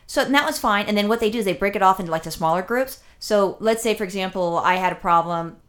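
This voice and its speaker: A woman's voice: medium pitch, fast talker, fairly bright tone. Rambling, foul-mouthed woman chatting. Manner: crude, rambling storytelling with lots of swearing. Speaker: podcast co-host. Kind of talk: casual chat.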